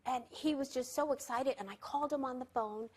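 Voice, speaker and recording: Woman, talk show guest, high voice, animated storyteller, laughs often. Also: a little fast, slightly rough. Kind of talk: casual chat, storytelling.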